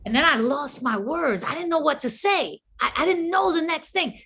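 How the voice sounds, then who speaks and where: A woman's voice: high voice, moderate pace, creaky. A woman actor and filmmaker in a casual online conversation, telling stories and acting out the quoted lines over a video call. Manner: animated storyteller acting out quotes.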